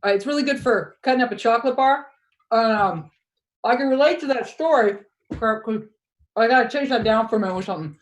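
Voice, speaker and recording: A woman's voice: a little high, a little fast, a little hiss or hum. A woman emceeing a storytelling evening in a chatty, thankful, casual way. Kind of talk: casual hosting.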